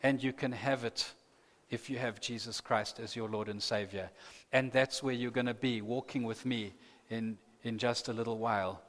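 A man's voice: medium pitch, fairly even intonation, normal speed, fairly bright tone. A man preaching a sermon, earnest and building to impassioned emphasis. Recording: long reverb of a large hall.

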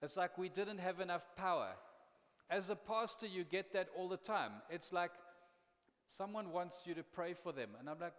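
A man's voice: high-pitched, moderate pace, fairly bright tone. A man pastor preaching a sermon in a conversational, impassioned way, often repeating words as he builds up steam. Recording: long reverb of a large hall.

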